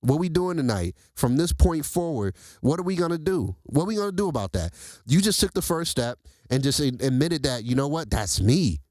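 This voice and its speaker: A man hosting a casual motivational talk, who speaks straight to his listeners in a lively, preachy way. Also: a little high, a little fast, no room sound. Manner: animated, preachy, addresses listeners directly as y'all. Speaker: host.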